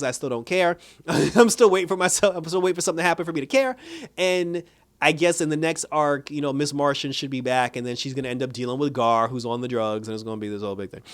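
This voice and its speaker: Guy with a higher voice doing a laid back episode review, animated, laughs a lot. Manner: animated, laughing often, retells scenes by quoting the characters. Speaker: TV show reviewer. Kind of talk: casual episode recap and review.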